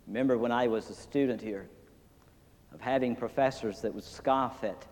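A man's voice: on the low side, a little mellow. A man preaching a sermon in a folksy, earnest way, telling stories and reading scripture aloud in a seminary chapel. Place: seminary chapel, large hall. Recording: long hall reverb.

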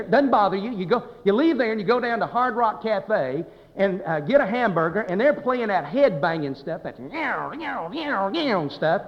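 A male pastor preaching a sermon in a folksy, emphatic way, swelling and dropping his voice. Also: high voice. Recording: dull sound with long hall reverb.

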